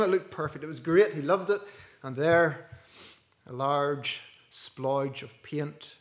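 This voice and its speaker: Earnest preacher, hushed then loud. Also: male voice, sits high. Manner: earnest, with wide swings between hushed and loud. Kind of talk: sermon.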